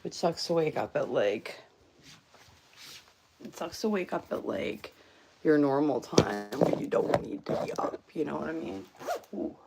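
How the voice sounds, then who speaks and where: A woman's voice: deep voice, animated, a little slow, creaky, long pauses, over music. A woman hosting a casual livestream just after waking up, rambling along with lots of fillers and restarts. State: just woke up. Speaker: livestream host. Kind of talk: casual chat. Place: home room.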